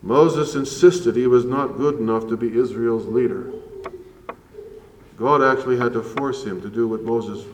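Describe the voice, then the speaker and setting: Male priest, sermon, earnest measured delivery, distant mic, long church reverb. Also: mid-range voice, slight background noise. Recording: roomy church echo from far off.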